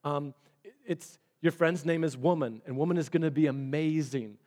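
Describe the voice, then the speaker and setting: A male pastor voicing a gentle, kindly creator god making a promise, speaking softly. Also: fairly high pitch, normal speed, lightly acted. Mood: assuring.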